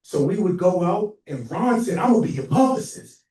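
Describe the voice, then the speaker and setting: A man shares memories of a late friend at a memorial gathering, bringing their conversations to life with animated back-and-forth. His voice is warm-toned and a little high for a man. It comes from some distance away and rings around a large, echoing hall. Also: moderate pace. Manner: animated, acts out phone calls, laughs often. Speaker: memorial speaker, friend and co-author. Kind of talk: storytelling tribute speech. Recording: echoey hall heard from afar.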